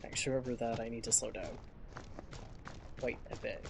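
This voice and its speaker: A man's voice: mid-range voice, fairly even intonation, fairly quick, creaky, background noise. A man streaming a game, chatting casually and thinking aloud as he plays. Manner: rambling, thinking aloud while playing. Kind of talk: casual live gameplay commentary.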